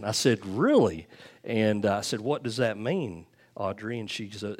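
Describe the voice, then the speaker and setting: A middle-aged man talks as a pastor to his church before baptisms. His voice sits a bit low, and he rambles warmly through restarts and little chuckles. He speaks into a handheld microphone. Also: animated, moderate pace. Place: church sanctuary.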